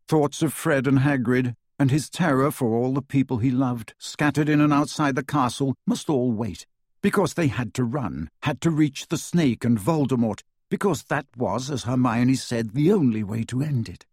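Expressive male audiobook narrator, husky voice, dry close recording; lively storytelling delivery. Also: mid-range voice, normal speed, no echo. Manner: dramatic, varied pacing.

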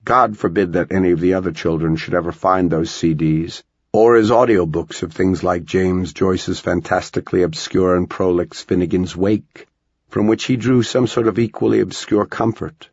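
A man reads an audiobook in a calm, steady way. His voice is very low, husky and full of fry. The recording is dry and somewhat muffled. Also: normal speed, no echo. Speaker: audiobook narrator. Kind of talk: scripted narration.

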